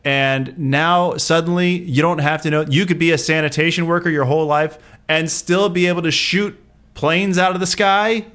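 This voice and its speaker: A man in his thirties with an American accent and a slightly high, a bit bright voice speaks at normal speed with fairly even intonation. Co-hosting a casual movie podcast, he chats about films, teasing with dry jokes and ranting energetically.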